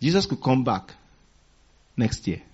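In a sing-song, slightly slow delivery, a pastor with a medium-pitched, darkish, husky voice preaches a sermon. He has the congregation finish his phrases and chuckles while telling stories, all on a dull lo-fi recording.

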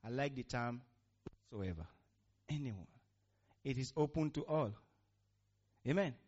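A man's voice: mid-range voice, animated, measured pace, darkish tone. A man preaching a sermon, using call-and-response with the congregation. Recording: muffled lo-fi recording.

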